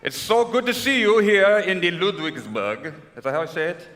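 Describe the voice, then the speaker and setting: A man's voice: high voice, normal speed. Man doing a gushing aging Latin film star. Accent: put-on Spanish. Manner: flattering, gushing, drawling. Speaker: convention guest performer. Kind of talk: live comedy impression on stage. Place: large convention hall. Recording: echoey hall with crowd.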